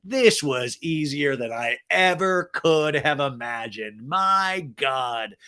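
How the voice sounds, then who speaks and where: A man voicing a scheming woman who gloats slowly and smugly. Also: fairly high pitch, lively intonation, bright, forceful tone, heavily acted. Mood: gloating. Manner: slow, gloating. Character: scheming, smug woman dropping her act.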